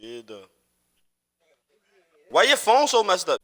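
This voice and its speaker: Man, casual gaming chat, teasing, cursing, high voice, bright tone. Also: wildly swooping pitch, slow. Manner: profane, teasing, rambling. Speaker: streamer and father.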